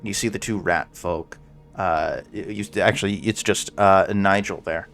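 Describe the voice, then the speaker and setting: Slow, halting male game master. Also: low voice, steady tone, creaky, fairly bright tone, soft background music. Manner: halting, searching for words. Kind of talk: narrating a tabletop game.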